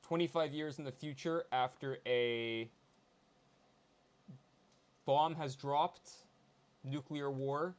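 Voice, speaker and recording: A man's voice: medium pitch, slow, long pauses. A man talking casually as a guest, explaining things to viewers. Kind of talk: casual chat.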